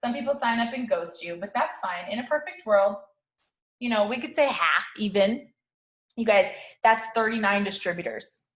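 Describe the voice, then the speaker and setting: Her voice is a bit bright and moves at normal speed. She's a 30-something network-marketing team leader hyping people up to camera in punchy, slangy, repetitive motivational talk, forever asking "okay?" to check in.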